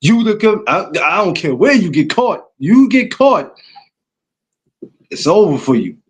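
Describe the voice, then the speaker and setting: A man with a New York accent talks in an easy, slangy way, looping back with asides as he tells stories. His voice sits a little high for a man. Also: very animated, normal speed, breathy edge. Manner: laid-back street slang, storytelling with repeated asides. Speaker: guest. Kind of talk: casual chat.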